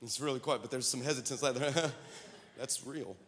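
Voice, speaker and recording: Man, pastor, sermon, animated storytelling, forceful bright tone, long church reverb. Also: mid-range voice, normal speed. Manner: animated storytelling, joking with the congregation. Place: church sanctuary.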